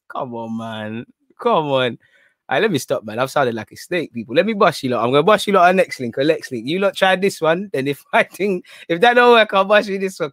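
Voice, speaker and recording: Hosting a live stream, a man chats casually in a slangy, rambling way, swinging between low mutters and excited outbursts. The recording is dry and studio quality.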